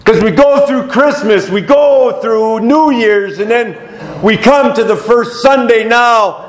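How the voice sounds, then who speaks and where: Pastor guy preaching, real high voice, gets loud n chuckles, echoey church room. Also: slow pace. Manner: animated, rising to shouts of praise; chuckles between lines. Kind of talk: sermon. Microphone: microphone, moving on and off it.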